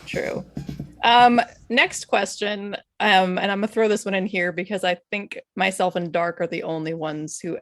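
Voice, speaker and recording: A woman moderating a casual panel Q&A, relaxed and candid, laughing often. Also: fairly low pitch, no room sound. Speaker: panel moderator reading questions.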